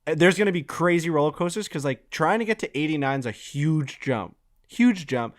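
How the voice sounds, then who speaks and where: A young man co-hosting a golf podcast, telling stories in an excitable, profane, casual way. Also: on the high side, quick pace. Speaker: podcast co-host.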